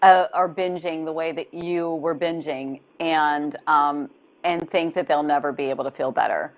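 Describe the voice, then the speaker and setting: A woman coach talking in an encouraging, conversational way, explaining her points with gentle repetition. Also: deep voice, moderate pace, dull audio. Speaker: body image coach. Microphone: video call.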